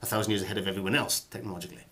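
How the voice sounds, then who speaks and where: Rambling middle-aged actor, low voice. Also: male voice, steady tone, rapid-fire, sharp tone. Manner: rambling, hesitant, theatrical. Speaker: comic host giving acting advice. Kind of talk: deadpan comic monologue.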